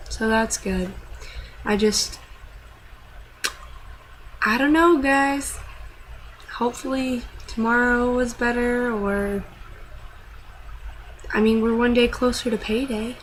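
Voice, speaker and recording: Young woman vlogger with a slightly high voice, venting in a loose, profane, rambling ramble-to-camera style. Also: a little hiss or hum, rough recording. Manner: rambling, profane, self-deprecating. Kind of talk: casual venting vlog.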